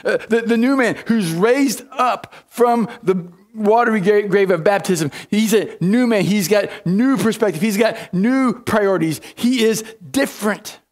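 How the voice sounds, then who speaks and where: A man's voice: sits high, a little slow, hardly any pauses. A man preaching a sermon in a church, emphatic, often repeating words and restarting. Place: church sanctuary.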